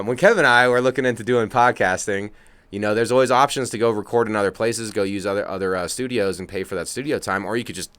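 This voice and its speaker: A man's voice: lowish voice, a bit bright, clear, resonant tone, no echo. A man co-hosting a casual podcast, talking in a laid-back, rambling way with easy chuckles, recording from his own setup apart from his co-host. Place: home studio, remote from co-host.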